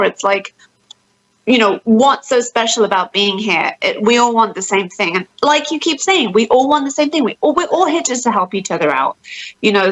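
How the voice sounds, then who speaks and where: A woman's voice: a little high, a bit bright, rough recording. A woman with a British accent, a podcast guest talking earnestly in casual conversation and leaning on "you know" a lot. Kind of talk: casual interview chat.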